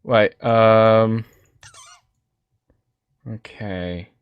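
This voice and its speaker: A man's voice: on the low side, steady tone, very slow, clean tone, dry recording, lo-fi sound. A man co-hosting a casual podcast live stream, talking hesitantly with lots of fillers and restarts. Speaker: podcast co-host.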